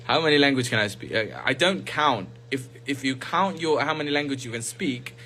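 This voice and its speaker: A man's voice: mid-range voice, brisk, sharp tone, low-quality recording. A man from Mizoram, a singer, chatting casually and playfully as he tries out bits of many languages. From Mizoram, India. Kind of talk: casual chat answering questions.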